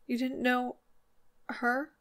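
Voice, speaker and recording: A woman reading the part of a timid, soft-spoken sheriff's wife. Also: a little high, expressive, moderate pace. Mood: gentle.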